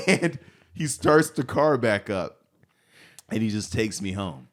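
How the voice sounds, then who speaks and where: A man with a lowish voice tells a story in a relaxed podcast chat. He acts out the people in his story and breaks into sudden yelps. His delivery is animated and loose. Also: slow. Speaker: podcast guest.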